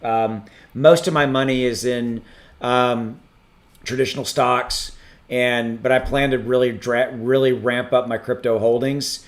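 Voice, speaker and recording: A man hosting a crypto livestream from a home setup, reading out viewer messages in a rambling, halting way with many ums and restarts. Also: medium pitch, fairly even intonation. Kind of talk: casual livestream chat reading super chats.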